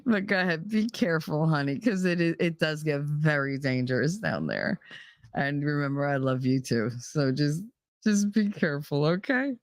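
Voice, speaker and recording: A woman's voice: sits low, expressive, normal speed, no echo, studio quality. A woman hosting a casual livestream, telling a funny memory and breaking into helpless laughter again and again. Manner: laughing helplessly through her story. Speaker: livestream host. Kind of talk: casual storytelling chat. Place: room at home.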